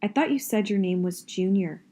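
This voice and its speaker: Woman voicing a tough teenage schoolgirl, blunt, pointed questions, storybook reading, mellow tone. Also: medium pitch, moderate pace, close to an everyday voice. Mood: demanding. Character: sharp-tongued teenage girl classmate.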